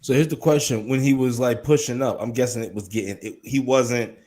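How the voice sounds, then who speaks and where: A man co-hosting a podcast, talking in a relaxed, drifting way and swearing a lot. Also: mid-range voice, fairly quick. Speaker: podcast co-host. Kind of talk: casual chat.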